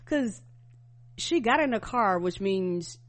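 A woman co-hosting casual reaction commentary, blunt and quick to agree. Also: mid-range voice, expressive. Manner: blunt, agreeing, cursing freely. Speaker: reaction co-host.

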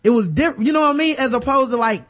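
A man's voice: very high voice, fast. A man in casual chat about basketball, telling stories and acting out the quotes in them. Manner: animated storytelling, acts out quotes.

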